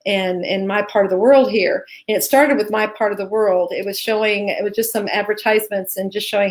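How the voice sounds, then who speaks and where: A woman's voice: mid-range voice, expressive, brisk, hardly any pauses. A woman co-hosting a live Q&A, talking in an earnest, heartfelt way with many restarts. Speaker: co-host, teacher. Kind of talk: live Q&A chat.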